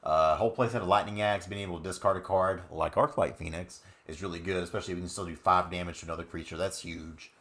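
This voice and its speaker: Low-voiced dude casually breaking down card decks, upbeat and chatty. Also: male voice, fairly even intonation, quick pace, hardly any pauses, fairly bright tone. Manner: chatty, upbeat, many fillers. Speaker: card game content creator. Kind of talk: casual deck commentary.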